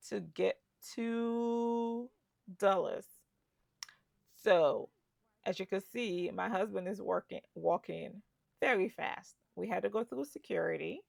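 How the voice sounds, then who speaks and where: A woman's voice: mid-range voice, creaky, darkish tone, no echo, studio quality. A woman telling her travel story in a chatty vlog, with asides to the viewer. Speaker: travel vlogger. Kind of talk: casual travel vlog narration.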